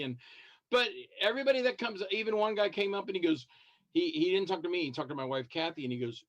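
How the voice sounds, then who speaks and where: A man's voice: high voice, quick pace, muffled recording. A man calling in as a guest, telling rambling stories and acting out other people's lines, often stumbling over repeated words. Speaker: guest B-movie actor calling in. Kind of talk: casual storytelling on a call-in show.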